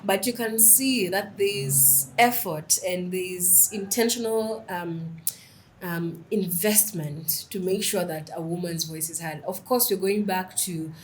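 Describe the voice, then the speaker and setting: A young woman talks in a lively, animated way, her voice sitting a little low for a woman. She chats casually as a guest and tells stories with relish. Faint noise hums behind her. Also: takes it slowly, low-quality recording. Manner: lively, animated storytelling, mixes in Swahili phrases. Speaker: podcast guest, writer. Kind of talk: casual interview chat.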